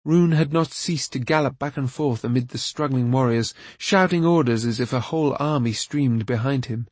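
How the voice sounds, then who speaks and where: Reading from a script at a moderate pace, a male narrator voices a fantasy audiobook with an even, measured delivery. His voice is mid-range, and the recording is dry.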